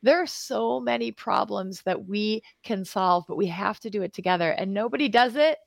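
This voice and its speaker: A woman's voice: mid-range voice, normal speed, vocal fry, no room sound. A middle-aged woman from Wisconsin, a political candidate chatting on a radio show, upbeat and proud. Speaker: guest, congressional candidate. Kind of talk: casual radio interview chat.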